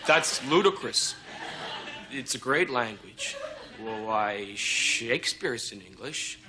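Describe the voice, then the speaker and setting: An actor playing a smug, deadpan, ignorant male tourist doing a stand-up monologue. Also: mid-range voice, slow, very noisy.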